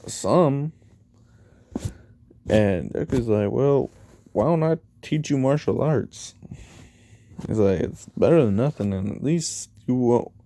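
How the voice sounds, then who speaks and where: A man spins a fan-made story in an unhurried, rambling way, repeating each character's lines in his own voice. His tone is deep-set and mellow, close to the mic in a dead, dry room. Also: dry recording. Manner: rambling, retells dialogue with 'he's like' and 'you know'. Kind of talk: casual fan-fiction storytelling.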